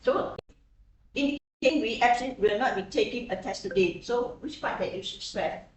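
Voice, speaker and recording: A woman's voice: a little high, normal speed. A woman lecturer teaching a class, who keeps checking in with her students through frequent tag questions. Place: echoey classroom. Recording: very echoey classroom, distant mic, faint hiss.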